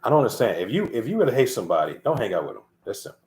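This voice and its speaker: A lay preacher with a medium-pitched, sing-song, racing voice and a darkish tone delivers an informal sermon. He scolds his listeners emphatically, repeats himself, and swears freely as he lectures them in this casual preaching.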